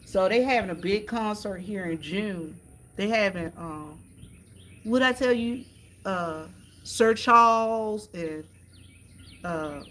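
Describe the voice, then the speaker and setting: Her mid-range, slightly bright voice comes with a little hiss or hum as this woman chats to viewers on a phone stream. She's outdoors in the countryside near horses, a vlogger who keeps repeating herself and calling everyone "y'all."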